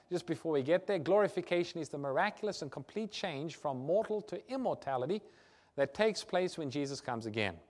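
A man preaching a sermon, acting out quoted dialogue and swinging from loud declarations to hushed, quiet lines. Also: fairly high pitch.

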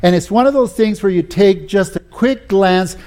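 Here a high-pitched man, speaking at a moderate pace with a slightly mellow quality, preaches and recounts personal experiences. The folksy telling is full of restarts and repeated "you know"s.

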